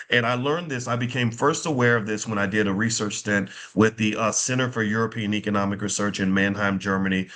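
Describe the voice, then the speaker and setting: A middle-aged man hosting a casual finance monologue, animated and preacherly, repeating phrases for emphasis. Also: on the low side. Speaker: finance educator and show host.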